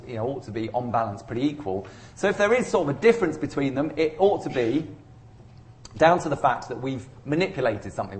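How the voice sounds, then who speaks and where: Brief: a male lecturer, casual and rambling, dry self-mocking jokes, middle pitch. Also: a little hiss or hum. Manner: chatty, rambling, self-deprecating humour. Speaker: university lecturer. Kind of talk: informal statistics lecture. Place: lecture room.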